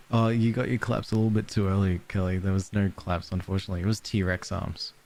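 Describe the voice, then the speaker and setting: A man's voice: low voice, flat delivery, fairly quick, warm tone, slight background noise. A man streaming a cozy game, chatting casually and giggling while reading game letters aloud. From Australia. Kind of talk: casual let's-play chat.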